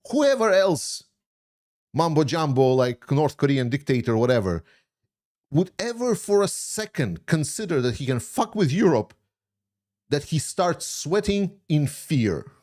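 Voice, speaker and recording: A man's voice: fairly high pitch, a little mellow. Fired-up man with a raised voice. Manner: heated, blunt, frequent swearing. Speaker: commentary channel host answering viewer questions. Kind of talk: unscripted livestream Q&A commentary.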